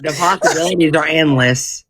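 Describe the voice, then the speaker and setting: A woman's voice: low voice, normal speed, fairly bright tone, slightly rough, no room sound. A woman in a casual group chat, rambling and joking with plenty of swearing. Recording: faint background noise.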